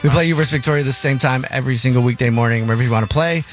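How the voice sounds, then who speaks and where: A man's voice: medium pitch, very fast, faint music behind. A man hosting a morning radio show, running a quiz and joking with his co-hosts. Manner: laid-back, joking, laughs often. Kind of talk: casual radio banter.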